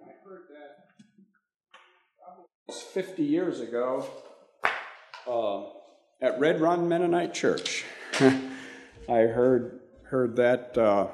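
An older man preaching a sermon, slow and halting, with frequent restarts and fillers. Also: medium pitch, darkish tone, a little hiss or hum.

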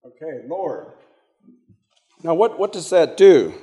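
A man giving an interactive sermon, halting and repeating words as he asks the congregation questions. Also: fairly high pitch, big pitch swings, dark tone. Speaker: preacher.

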